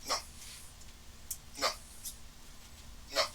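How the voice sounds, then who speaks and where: A man's voice: extremely slow, pushed and bright. A man delivering an agitated, repetitive, accusing monologue to an unseen listener. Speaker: vlogger. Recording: distant mic with faint background noise.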